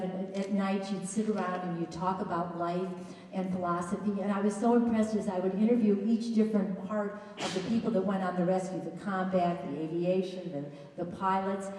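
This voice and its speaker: A woman's voice: medium pitch, warm tone, a little hiss or hum. A woman introducing a guest at a college event in a chatty, enthusiastic speech full of restarts and asides. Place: large hall at a college event. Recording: echoey hall, voice picked up from a distance.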